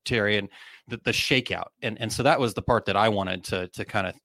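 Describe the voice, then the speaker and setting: Chatty low-voiced man hosting a talk show. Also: fairly quick, a bit bright, no room sound. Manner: chatty, frequent fillers and restarts. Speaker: podcast host. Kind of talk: casual chat, reading listener comments.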